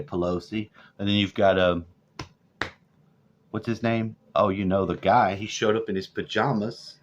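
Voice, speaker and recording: A man's voice: sits low, measured pace, slight background noise. A man over forty, ranting profanely and sarcastically in a rambling vlog. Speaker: vlogger. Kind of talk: profane political rant. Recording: dull lo-fi audio.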